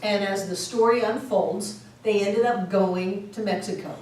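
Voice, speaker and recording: A woman's voice: medium pitch, steady tone, measured pace, darkish tone. A woman teaching a spiritual class, telling stories with animation, laughing often and acting out voices. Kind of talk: storytelling lecture to a class. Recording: very echoey room, distant mic, faint hiss.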